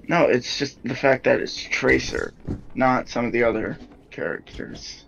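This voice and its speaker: A man's voice: mid-range voice, animated, a little slow, creaky, fairly bright tone, highs cut off. A man in casual gaming banter, teasing his friends and laughing often. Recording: noisy voice chat.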